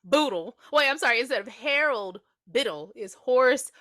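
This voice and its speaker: Podcast co-host: playful woman, bright and sing-song, sassy asides. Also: high-pitched, lively intonation, normal speed. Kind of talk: casual TV recap chat.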